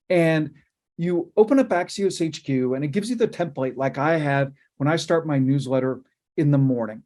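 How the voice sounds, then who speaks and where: Male interview guest, cofounder type, persuasive and emphatic, mellow slightly raised voice. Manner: emphatic, fast-flowing explaining with pitches. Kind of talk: interview answer.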